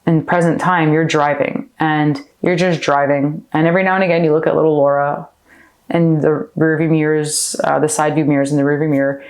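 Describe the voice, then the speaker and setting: Brief: low-voiced woman, candid podcast guest, heartfelt and chatty. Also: little pitch movement, a little fast. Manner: heartfelt, chatty, heavy on fillers like "like". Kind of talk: candid personal interview.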